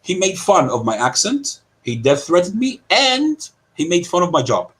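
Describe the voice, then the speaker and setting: A man from Britain, a guest on an online panel, talking fast and aggrieved with frequent halting restarts. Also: high voice, huge pitch swings, a bit bright, poor audio.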